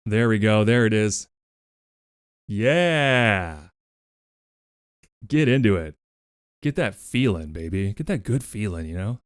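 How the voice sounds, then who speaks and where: A man's voice: on the low side, expressive, slow, pauses often, clear, resonant tone, dry recording. A male streamer chatting loosely to his viewers, laughing and cursing as he goes. His voice rises and falls animatedly and sits dry and close to the mic. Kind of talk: casual livestream chat.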